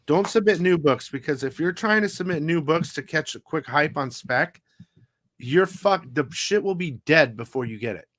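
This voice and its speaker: Slightly high-voiced man, rambling and profane. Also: animated, normal speed, fairly bright tone, no room sound. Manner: rambling, profane, loose storytelling. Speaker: comic haul show host. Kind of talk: casual live-stream chat.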